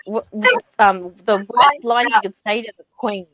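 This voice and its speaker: A woman's voice: a little high, normal speed, fairly bright tone, no room sound, highs cut off. A woman from New Zealand chatting on a group video call, giggly and rambling.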